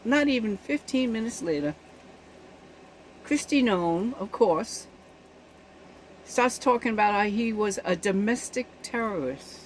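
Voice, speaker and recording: A woman's voice: mid-range voice, lively intonation, a little slow, long pauses, slight background noise, low-quality recording. A woman giving casual spoken commentary on a news event, indignant and emphatic, often checking in with her listeners.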